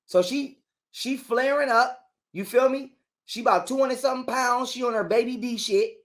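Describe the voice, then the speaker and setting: A man, a guest on a call, telling a heated personal story in street slang and swearing a lot. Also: very high-pitched. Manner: heated, profane, talks fast in street slang.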